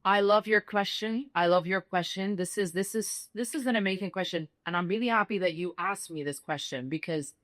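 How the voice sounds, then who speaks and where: A woman's voice: medium pitch, fairly quick, hardly any pauses, fairly bright tone, no room sound. A young woman from Dubai, a singer-songwriter guest, talking animatedly in a casual interview and repeating phrases for emphasis. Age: young adult.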